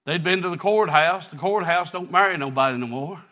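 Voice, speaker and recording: A man, preaching a sermon, telling a folksy story that builds into shouted preaching. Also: fairly high pitch, fairly quick. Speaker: pastor.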